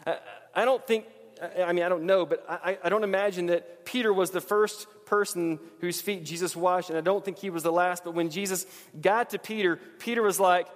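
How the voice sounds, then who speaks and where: A man's voice: high voice, fairly even intonation, a little fast. A man preaching a sermon, earnest and emphatic, often repeating his phrases. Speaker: pastor. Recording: long reverb of a large hall.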